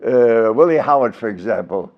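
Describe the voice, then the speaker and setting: This interviewed performer, a Brooklyn man in his nineties, tells lively old stage stories casually, slipping into comic impressions and sung bits. His voice is mid-range at a moderate pace, and the audio sounds dull.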